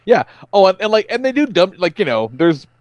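A man's voice: high-pitched, very animated, brisk, darkish tone, no room sound, dull audio. A man hosting a podcast, chatting casually in a rambling way and swearing freely. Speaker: podcast host. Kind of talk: casual chat.

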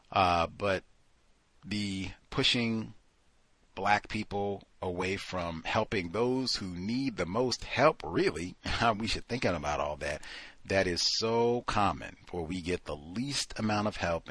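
A man's voice: sits low, husky, no room sound. A man hosting a talk show, commenting casually and acting out quoted voices. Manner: animated, acts out quoted voices. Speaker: podcast host.

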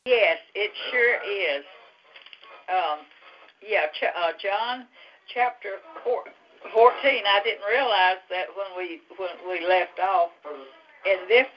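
A woman leading a Bible study and prayer, talking gently and haltingly with many fillers. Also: mid-range voice. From Louisiana. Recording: muffled lo-fi audio.

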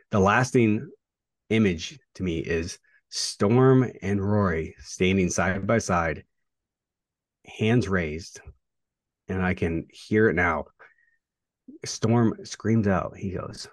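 A man, a pro wrestler, talking through a rivalry in a casual interview, reflective and halting with fillers and restarts. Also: low-pitched, no echo.

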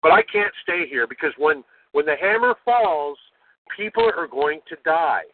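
An older American man, a guest on a call-in talk show, ranting forcefully and ending points with "okay?". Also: on the high side, animated, moderate pace, slight background noise. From United States. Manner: forceful, preachy, keeps adding "okay?". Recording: tinny phone line.

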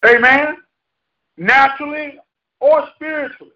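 High-voiced joking preacher in a roomy hall. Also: male voice, measured pace, long pauses. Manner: folksy, joking, asks the congregation questions. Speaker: pastor. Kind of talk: preaching a sermon. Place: church hall. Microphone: handheld microphone. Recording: roomy, distant, dull sound.

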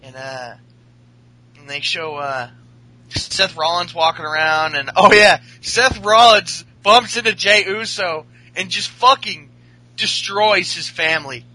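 A man's voice: high-pitched, slow pace, bright, forceful tone, rough recording. A man hosting a casual podcast chat, rambling and swearing as he recaps a show. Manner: rambling, profane, laughing. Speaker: podcast host.

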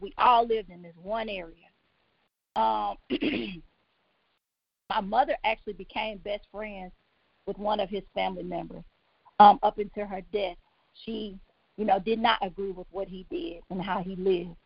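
A woman telling her own life story on a talk show, halting with many pauses and restarts, emotional and close to tears. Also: mid-range voice, creaky, no room sound. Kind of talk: personal testimony on a talk show. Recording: dull, lo-fi, dry sound.

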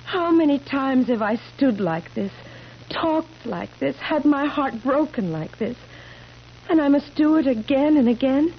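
A woman's voice: high-pitched, animated, measured pace. An actress playing a woman cursed to stay eighteen forever, pleading and anguished, in a 1970s radio drama. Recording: dull old radio broadcast with faint hiss.

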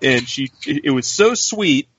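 A man's voice: on the high side, expressive, measured pace, lo-fi sound, background noise. Rambling joking man co-hosting a podcast. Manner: rambling, restarts often, joking. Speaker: podcast co-host. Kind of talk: casual chat.

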